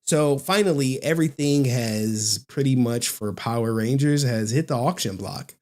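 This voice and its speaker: A man's voice: mid-range voice, moderate pace, darkish tone. A man hosting casual online commentary, talking in a slangy, profane, mocking way.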